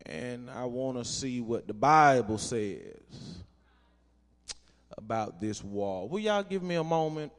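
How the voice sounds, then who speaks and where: Slow-preaching man in a reverberant hall. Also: medium pitch, animated. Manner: call-and-response preaching, rising to shouts. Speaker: pastor. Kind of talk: sermon with scripture reading. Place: church sanctuary.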